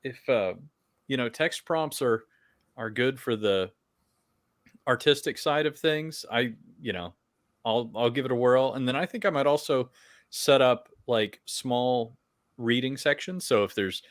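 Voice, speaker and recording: A man co-hosting a podcast in casual chat, relaxed and halting as he explains plans. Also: medium pitch, no echo, studio quality. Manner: relaxed, halting, lots of fillers.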